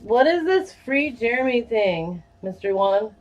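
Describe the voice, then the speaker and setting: Chatty woman streamer, slightly high voice. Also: big pitch swings, measured pace, highs cut off. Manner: chatty, reads viewer names and answers chat. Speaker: streamer running a giveaway. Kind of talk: casual live-stream chat.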